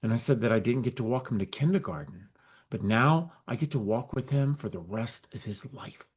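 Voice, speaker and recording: A middle-aged man, a guest on an interview podcast, telling his story with lively acted-out dialogue. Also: mid-range voice, normal speed, husky. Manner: animated storyteller acting out quoted dialogue. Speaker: guest, nonprofit founder.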